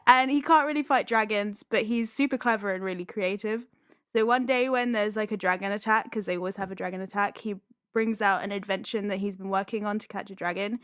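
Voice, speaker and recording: A woman's voice: medium pitch, brisk, a bit bright, no echo. Giggly young woman on a podcast, lots of likes and ums, dry close sound. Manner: giggly, lots of "like" and "um", self-deprecating. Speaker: podcast guest. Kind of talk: casual chat, retelling a film plot.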